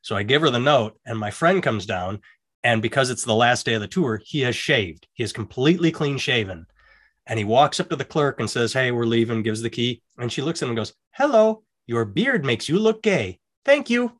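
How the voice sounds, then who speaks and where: A male host tells stories in a loose, casual talk. His voice sits at a middle pitch, and he acts out each quote with lively voices. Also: fairly quick. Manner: animated storyteller, acts out quotes. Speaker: podcast host. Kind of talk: casual storytelling chat.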